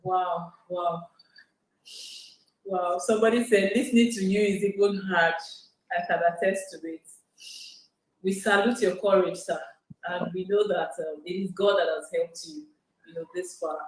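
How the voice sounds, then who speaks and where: A woman's voice: fairly low pitch, fairly even intonation, a little slow, pauses often, reverberant, rough recording. A woman hosting an interview, talking in an effusive, affirming way to her guest. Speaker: host.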